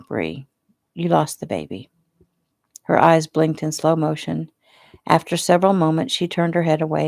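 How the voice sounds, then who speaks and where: A woman reading her own novel aloud in a relaxed, unhurried, casual way. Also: low-pitched, dry recording, studio quality. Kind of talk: casual audiobook narration.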